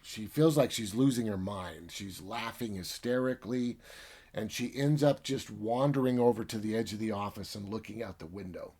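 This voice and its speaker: A man's voice: lowish voice, normal speed, a little mellow, slightly rough. A man reviewing a book by retelling its plot in a chatty, filler-heavy way. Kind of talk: casual story retelling.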